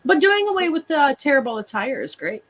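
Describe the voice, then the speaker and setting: A woman's voice: high voice, sing-song, fairly quick, rough recording. A woman running a tabletop game, loosely explaining the rules in casual chat. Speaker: game master.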